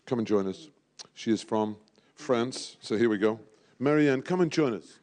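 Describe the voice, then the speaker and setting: A man's voice: medium pitch, normal speed, a little mellow. A man emceeing a live event, jovial and teasing, sprinkling in French phrases. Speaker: event host at a draw.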